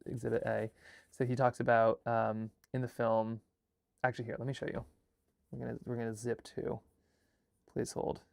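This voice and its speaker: A man hosting a casual live chat, brainstorming a story in an excitable, rambling way, full of fillers and restarts. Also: medium pitch, moderate pace, creaky, long pauses, smooth, no room sound. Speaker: host and filmmaker.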